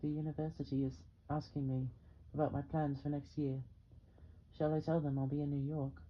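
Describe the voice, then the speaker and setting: A man voicing a lonely, worried mother who speaks softly in a home audiobook reading. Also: fairly high pitch, little pitch movement, moderate pace, lo-fi sound, slight background noise, close to an everyday voice. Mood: pleading. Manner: soft, quiet delivery.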